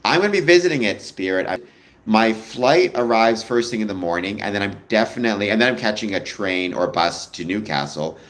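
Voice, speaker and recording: A low-pitched man hosts a live stream. He chats loosely with his viewers, answers their comments and wanders off into stories of his own. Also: animated, fairly quick, fairly bright tone. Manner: chatty, rambling, digresses into personal stories. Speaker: livestream host.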